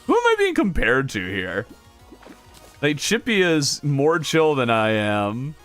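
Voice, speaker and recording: A man streaming a video game in a relaxed, chatty way, reacting to finds and answering his viewers with frequent laughs. His mid-pitched voice swings widely up and down as he talks, with faint music playing underneath. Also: takes it slowly. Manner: laughs often between remarks. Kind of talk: casual livestream chat with viewers.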